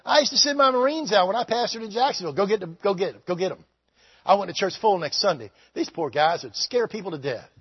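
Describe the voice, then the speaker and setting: Male pastor, husky voice, very high pitch, fervent shouting revival sermon, muffled lo-fi recording. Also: expressive, fast talker, no room sound. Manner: shouting, fervent preaching with many repeated phrases.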